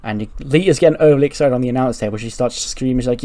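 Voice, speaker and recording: A man's voice: medium pitch, rapid-fire, warm tone. A man hosting a gaming channel, narrating a let's-play in a rambling, casual way, swearing freely and laughing.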